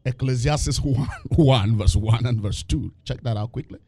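A male preacher giving a lively sermon, asking the congregation questions and laughing between points. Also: mid-range voice, moderate pace, slightly rough, dry recording, clean studio sound. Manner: animated, call-and-response questions, laughing asides.

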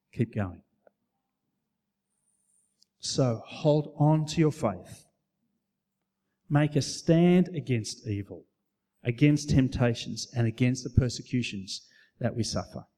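A man's voice: fairly high pitch, mellow. Sex: man. Role: preacher. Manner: earnest, measured, with fillers and restarts. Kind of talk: sermon. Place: church hall.

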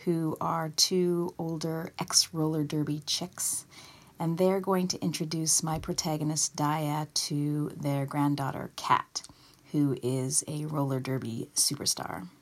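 A woman author reads a passage from her novel at a measured pace. Her voice sits low and carries a husky edge. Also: steady tone. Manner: measured storytelling reading. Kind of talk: reading her novel aloud.

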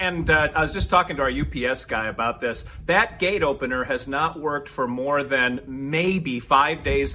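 A man co-hosting a podcast, telling stories in a casual, animated chat with quick asides. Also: medium pitch, slight background noise. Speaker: podcast co-host.

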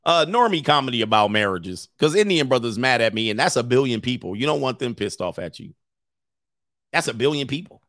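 Fast and sing-song with few pauses, this man's mid-range, fairly bright voice carries a casual rant for his online commentary show. He's in his thirties, brash and jokey, laughing at his own lines, recorded at studio quality with no room sound.

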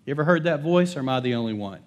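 A man's voice: on the high side, lively intonation, racing. Emphatic man preaching a sermon. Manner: emphatic, calls for congregation responses; swings between loud declarations and soft hushed lines. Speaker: pastor. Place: church service.

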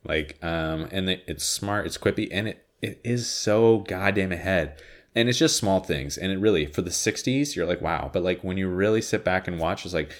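A man with a deep, low voice talks in a loose, rambling way, stringing thoughts together with constant fillers and the odd curse. He sounds worn out and sniffly, like someone talking while under the weather. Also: normal speed. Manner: rambling, heavy with "like", frequent swearing. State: exhausted and sniffly. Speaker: solo show host. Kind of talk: casual rambling commentary.

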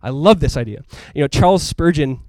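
Male pastor, fairly high voice, rapid, chatty and emphatic sermon delivery, dry sound. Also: expressive, darkish tone, no echo. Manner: casual, conversational preaching with frequent asides.

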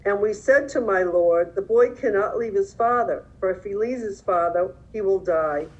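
A woman in an online class reading a scripture passage aloud in a steady, measured way. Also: medium pitch. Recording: dull lo-fi video call audio.

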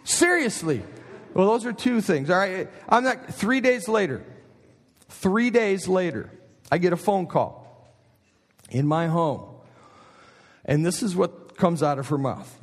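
A middle-aged male preacher with a fairly high voice, telling an animated story from the pulpit and turning often to the congregation with asides. His words ring out with a long chapel reverb. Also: unhurried, long pauses. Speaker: pastor. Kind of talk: sermon. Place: college chapel.

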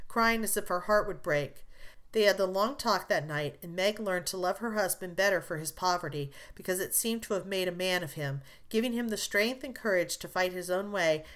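Female audiobook narrator; measured, expressive reading of a classic novel. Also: mid-range voice.

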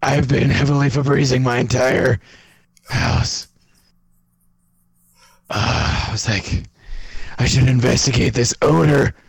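A man playing a deadpan, oblivious oddball in an improvised comedy sketch, with a gravelly, husky voice. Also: medium pitch, slow pace, pauses often, full character voice. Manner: deadpan, flat delivery of absurd lines.

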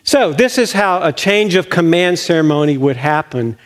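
A man's voice: on the high side, expressive, moderate pace. Folksy pastor, older man. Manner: folksy storytelling with chuckles. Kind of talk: sermon. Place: church sanctuary.

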